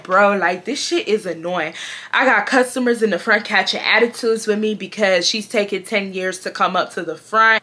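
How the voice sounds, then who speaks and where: A woman's voice: mid-range voice, sharp tone. A young woman from Houston, Texas telling a chatty, sassy workplace storytime and mimicking the people in it. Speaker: vlogger. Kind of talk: casual storytime.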